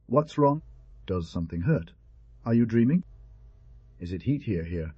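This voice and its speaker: A man voicing a young mother who questions and coaxes her son in a gentle, anxious manner. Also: lowish voice, lively intonation, a little slow, breathy edge, no echo. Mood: anxious coaxing. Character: tender worried young mother. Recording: dull, dry lo-fi recording.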